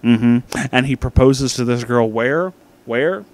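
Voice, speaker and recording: A drunk man hosting a comedic movie review, ranting with heavy profanity and loud outbursts. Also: mid-range voice, little pitch movement, a little slow.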